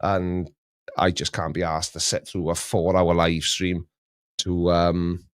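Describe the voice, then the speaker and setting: A man's voice: low voice, little pitch movement, slow pace, no room sound. Middle-aged male streamer, rambling chatty host, dry close sound. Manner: rambling, chatty, chuckles at his own jokes. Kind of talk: casual live-stream chat.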